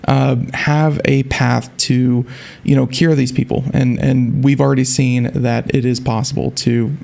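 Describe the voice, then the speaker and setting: A man with a gravelly voice of middle pitch co-hosts a tech talk show. He chats casually and rambles, often repeating words and starting over mid-sentence. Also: level tone, a little slow, a little mellow. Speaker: radio show co-host.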